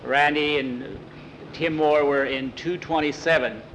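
A man's voice: on the high side, steady tone, unhurried, fairly bright tone, slight background noise, poor audio. Chatty man telling a story aloud. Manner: chatty, rambling, repeats "he said". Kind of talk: informal oral storytelling.

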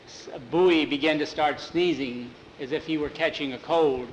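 A man telling a spooky cemetery story out loud, with occasional restarts, slipping into voices for the characters. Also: moderate pace, lo-fi sound, a little hiss or hum. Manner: unscripted retelling with restarts, lifts pitch for scared boys. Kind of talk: spoken storytelling, voicing characters.

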